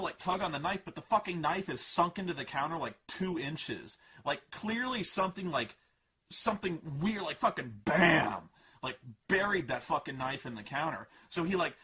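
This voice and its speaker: A man with a high, sharp voice ranting through a film review. He is exasperated and profane, and he picks the plot apart.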